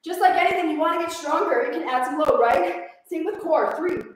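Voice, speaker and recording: A woman's voice: very high-pitched, a little fast, very echoey, distant mic, poor audio. A woman with a Minnesotan accent, leading a live workout class and cheering the class on while she counts down the reps. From Minnesota, USA. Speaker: fitness instructor.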